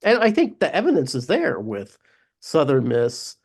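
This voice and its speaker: A man co-hosting a casual sports podcast, chatty and quick to laugh, often restarting his sentences. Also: on the high side, huge pitch swings, slightly rough. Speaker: podcast co-host.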